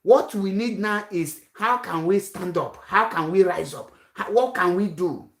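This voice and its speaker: A woman's voice: fairly low pitch, measured pace, roomy sound. A woman giving a rousing political speech, full of rhetorical questions and repetition. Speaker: activist speaker.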